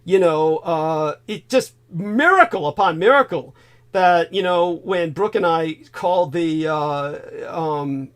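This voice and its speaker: A man hosting a livestream, telling a rambling, animated story with profanity in casual chat. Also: a little high, slow, clear, resonant tone. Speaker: livestream host. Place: home.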